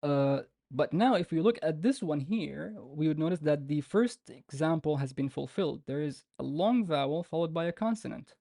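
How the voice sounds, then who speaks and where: Guy teaching a live online class, gravelly voice, dark tone, dry close sound, repeats words over and over, pretty laid back. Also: a little high, no room sound. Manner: patient, repeats example words slowly many times; relaxed and informal, with fillers and restarts. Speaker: Arabic teacher. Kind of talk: live online language lesson.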